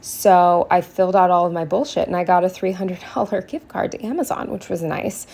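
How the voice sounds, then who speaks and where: A woman vlogging while she plans, telling a story in a chatty way, swearing freely and going off on quick asides. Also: on the low side, creaky, darkish tone. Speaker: planner vlogger. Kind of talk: casual plan-with-me storytelling.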